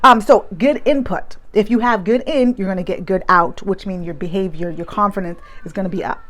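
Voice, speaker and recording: A woman's voice: mid-range voice, a little fast, a bit bright. Woman in her 30s just chatting to camera, emphatic, lots of likes and you know what i mean. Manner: chatty, emphatic, many fillers and restarts. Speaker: vlogger giving advice. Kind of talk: casual talk to camera.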